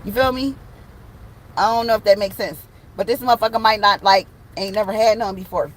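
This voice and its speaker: A woman's voice: mid-range voice, steady tone, a little fast, a bit bright, low-quality recording. A woman giving a casual online tarot reading from a truck, slangy and profane, joking and acting out little scenes. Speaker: tarot reader. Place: in a parked truck with the window open.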